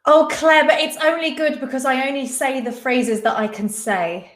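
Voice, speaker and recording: A woman's voice: high voice, moderate pace. A woman hosting a live-stream quiz, chatting casually and reading out viewers' names and answers. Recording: echoey room.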